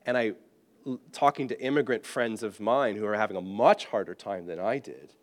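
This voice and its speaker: A British-born man, a pastor, telling a personal story in an animated, self-deprecating and humorous way. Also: fairly low pitch, normal speed. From Britain. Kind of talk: storytelling sermon.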